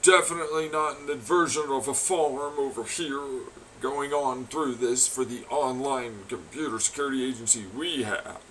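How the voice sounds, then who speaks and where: A man's voice: big pitch swings, slow, sharp tone, far from the mic, a little hiss or hum, heavily acted, poor audio. A man putting on a whiny fake-innocent spy. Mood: mock innocent. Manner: pleading, mock-innocent, high and sing-song.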